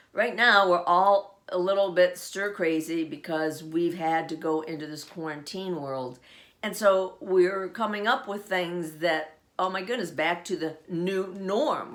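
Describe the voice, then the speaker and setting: Woman, middle-aged, podcast host, casual solo chat, lower voice, laughs often. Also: fairly bright tone. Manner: chatty, laughs often, acts out quoted phrases.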